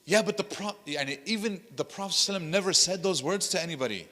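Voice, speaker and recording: A man's voice: sits high, fairly quick, sharp tone, long reverb tail. A man, an imam, leading a workshop lecture, telling stories animatedly and acting out what people said, with Arabic phrases mixed into his English. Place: large hall at an Islamic center.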